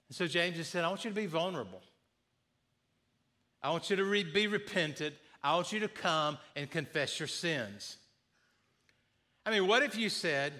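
Male pastor, sermon delivery; bright, somewhat high voice, earnest and repetitive for emphasis. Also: lively intonation, moderate pace, long pauses. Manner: earnest, repeats key phrases, acts out sample apologies.

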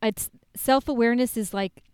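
A woman co-hosting a podcast in casual chat, going on profane, fast rants with self-mocking asides. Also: a little high, a little mellow, clean tone. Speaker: podcast co-host.

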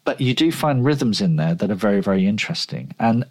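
A man's voice: fairly low pitch, expressive, fairly quick. A man, co-hosting a podcast and reflecting in casual conversation, often restarting his sentences. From England. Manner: reflective, with frequent restarts and fillers. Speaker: podcast co-host and writer.

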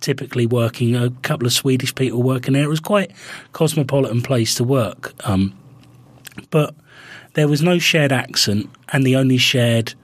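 A man co-hosting a casual chat podcast tells rambling, chatty stories full of restarts. His voice is medium in pitch at a normal speed, with no echo.

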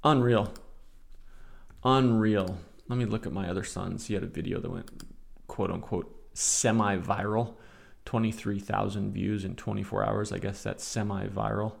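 A man's voice: fairly low pitch, steady tone, moderate pace, creaky. A man in his forties hosting a casual solo podcast, reading out comments and adding sarcastic commentary. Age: 40s. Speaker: podcast host.

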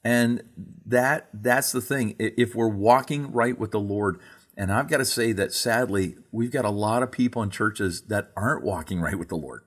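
A man's voice: fairly low pitch, normal speed, slightly rough. A man co-hosting a religious talk show, who preaches revival meetings and speaks in an earnest, emphatic way, often repeating himself. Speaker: co-host, preacher. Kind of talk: casual religious discussion.

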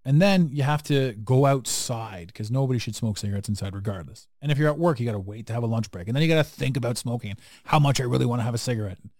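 A man's voice: medium pitch, fast, hardly any pauses, a little mellow, no room sound, studio quality. Blunt, swearing male podcast host. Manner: blunt, profane, emphatic and preachy. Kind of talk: casual podcast conversation.

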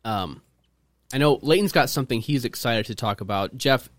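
A man co-hosting a podcast in casual chat, talking loudly and punchily. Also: medium pitch, expressive, normal speed, no room sound, clean studio sound. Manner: loud, punchy delivery. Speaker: podcast co-host.

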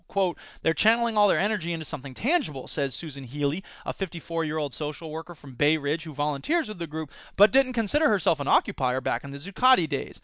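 A high-voiced man hosts a casual commentary podcast, chatting in an animated way and often restarting his sentences. His tone is bright and edgy, and the recording is close and dry with no room sound. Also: no room sound. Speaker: podcast host and teacher.

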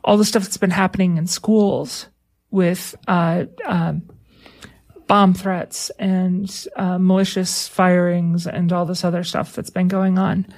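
A woman co-hosts a casual talk show. Her voice sits low and carries a gravelly fry, and she talks loosely, circling back with restarts and light laughter. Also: little pitch movement, darkish tone. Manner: chatty, halting restarts, laughs easily. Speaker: radio talk show co-host. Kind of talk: casual on-air chat.

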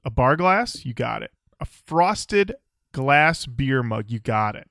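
Man, podcast co-host, playful mock sales pitch, bright tone, dry close mic. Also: sing-song, unhurried, vocal fry, dry recording. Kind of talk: comedic podcast banter.

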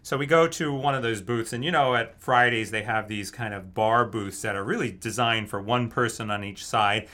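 A man's voice: fairly low pitch, moderate pace, few pauses, bright, forceful tone. A man casually telling a story, laughing often as he goes. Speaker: guest telling a dating story. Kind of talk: casual anecdote.

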